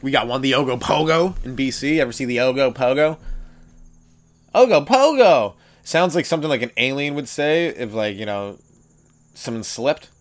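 A man, a comedian hosting his own podcast, riffing through a stand-up monologue, swearing freely and breaking into loud exaggerated voices. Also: medium pitch, fairly quick. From Canada.

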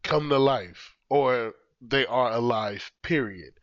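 A man co-hosting a casual podcast chat, animated and laughing often, talking into a studio microphone. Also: slow, dry recording, dull audio. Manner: animated, laughs often, jumps to high-pitched exclamations. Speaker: podcast co-host.

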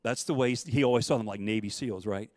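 Middle-aged man, testimony storyteller, animated, dry close sound. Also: mid-range voice, fairly quick, no room sound. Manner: animated storyteller, acts out quotes. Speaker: guest storyteller.

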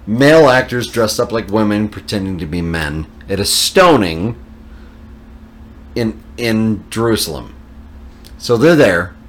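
A man's voice: fairly low pitch, very animated, a little slow. A man in casual podcast chat, animatedly retelling a film scene and laughing at his own story.

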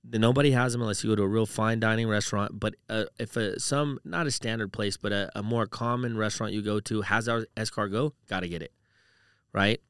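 A man's voice: fairly low pitch, fairly even intonation, a little fast, a bit bright, smooth, no room sound, studio quality. A man co-hosting a podcast in casual, rambling chat, full of "like" and "dude". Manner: rambling, uses "like" and "dude" a lot. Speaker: podcast co-host.

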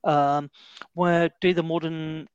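A man's voice: fairly high pitch, level tone, slow pace, smooth, no echo, lo-fi sound. A man co-hosting a casual podcast, hesitant with many fillers, teasing his friends. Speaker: podcast co-host. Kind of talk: casual chat.

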